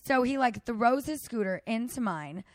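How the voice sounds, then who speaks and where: A woman in her thirties hosting a podcast, telling a story in a casual, animated way and acting out what people said. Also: fairly high pitch, normal speed, no room sound. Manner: animated storytelling, acts out quotes. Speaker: podcast host. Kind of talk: casual chat.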